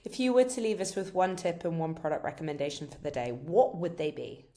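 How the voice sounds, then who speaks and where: A woman hosts an interview podcast, her pitch swinging lively up and down. She gushes praise and affirmation, eager to keep the guest talking. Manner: warm, effusive, quick to affirm. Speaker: podcast host.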